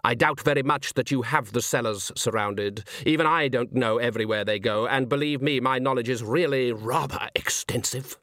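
A man's voice: medium pitch, moderate pace, few pauses, bright, forceful tone, dry recording, studio quality, lightly acted. A man voicing a suave, scheming villain who speaks in a precise, mocking, mannered way. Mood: sneering. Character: suave scheming male villain, smug and theatrical.

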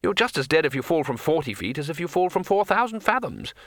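A man voicing a cheerful, naive male tourist in a storybook reading, in a high eager voice. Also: very animated, fast talker, a bit bright, no room sound, clean studio sound.

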